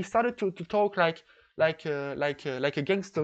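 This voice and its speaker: A man from France with a French accent, recapping a chess game in an excitable, stop-and-start way. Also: fairly high pitch, normal speed. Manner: excitable storytelling, many restarts. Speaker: chess vlogger. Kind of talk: casual recap monologue.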